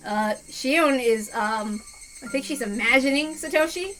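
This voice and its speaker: A woman's voice: high voice, unhurried, a bit bright, soft background music. A woman reading a visual novel aloud, with casual asides full of fillers. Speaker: reader.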